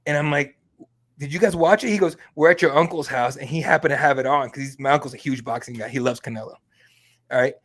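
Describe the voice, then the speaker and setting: A man hosting an MMA podcast, telling a story in a casual, excitable and profane way. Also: medium pitch, fast. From Mexican heritage. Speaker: MMA podcast host and reporter.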